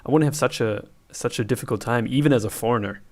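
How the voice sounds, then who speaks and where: A man's voice: mid-range voice, fast talker, a little mellow. A man with a German accent, not a native English speaker, hosting a reaction video and thinking aloud with hesitant restarts. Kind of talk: casual reaction commentary.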